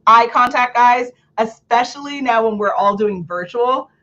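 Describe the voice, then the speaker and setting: Chatty, lively woman hosting a book club. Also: fairly high pitch, unhurried, lo-fi sound. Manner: lively, chatty, laughs often, many "like" fillers. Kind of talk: casual livestream talk on public speaking. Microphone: home computer or camera setup.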